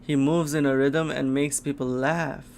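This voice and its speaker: A man reacting live to a comic chapter, reading it aloud with gasps and sudden exclamations as he thinks out loud. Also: fairly high pitch, little pitch movement, moderate pace, slight background noise. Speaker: manga reaction host.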